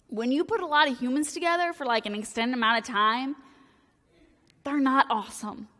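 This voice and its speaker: A woman's voice: high voice, expressive, moderate pace, long pauses, pushed and bright, long reverb tail. A woman preaching a sermon in a church, casual and joking, peppering her talk with "like". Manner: casual, joking, talks in valley-girl-like "like" phrasing. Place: church sanctuary.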